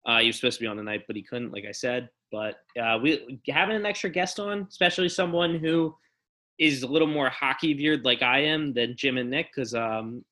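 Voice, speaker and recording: A young man hosting a casual podcast, his voice bright and forceful. He rants openly and swears freely, stumbling and restarting as he fires off his opinions. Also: mid-range voice, a little fast. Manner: ranting, profane, animated. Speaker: podcast host.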